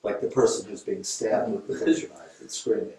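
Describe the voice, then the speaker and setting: A man's voice: fairly low pitch, steady tone, a little fast, dark tone, heavy reverb. A man teaching a yoga class, telling a case story in a conversational, storytelling manner, recorded from a distance in a large room. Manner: conversational, storytelling, fillers and restarts. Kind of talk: informal lecture with a case story.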